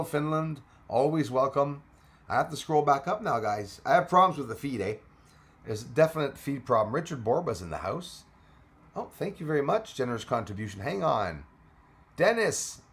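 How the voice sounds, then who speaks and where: Man, livestream host, casual and chatty, greets viewers, laughs a lot, medium pitch. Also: fairly bright tone. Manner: chatty, greets commenters by name, laughs often. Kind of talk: casual live chat with viewers.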